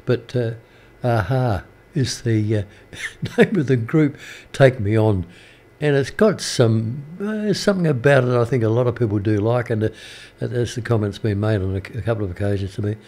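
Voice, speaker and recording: An older Australian man presenting community radio, telling a story in a rambling, halting way with many fillers. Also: mid-range voice, a little mellow. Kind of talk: casual radio chat between songs. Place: radio studio.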